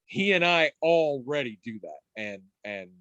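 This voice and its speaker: An adult man on a podcast in casual chat, telling stories in a rambling, animated way with restarts and the odd swear. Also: medium pitch, a little slow, dry recording, muffled recording. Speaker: podcast co-host.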